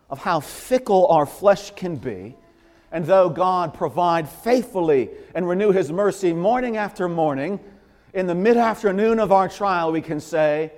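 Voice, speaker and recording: Impassioned preacher in a reverberant hall. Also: male voice, high voice, expressive, unhurried, darkish tone. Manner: impassioned, repeating phrases for emphasis. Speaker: pastor. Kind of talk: sermon.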